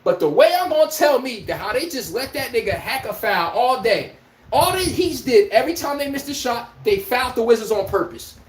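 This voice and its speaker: A man's voice: very high voice, lively intonation, a little fast. A man hosting a podcast, delivering a heated, profane sports rant with an incredulous tone. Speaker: podcast host. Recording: echoey room.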